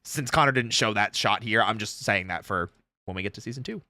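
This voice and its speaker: A man hosting a casual watch-along chat, excitedly explaining trivia with frequent restarts. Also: fairly low pitch, fairly quick, no echo.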